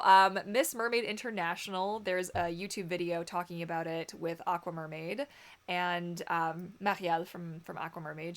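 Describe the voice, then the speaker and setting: A woman's voice: on the low side, fairly bright tone. A young woman hosting a casual live stream, chatty and giggly, with lots of "like" and "um" fillers. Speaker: livestream host.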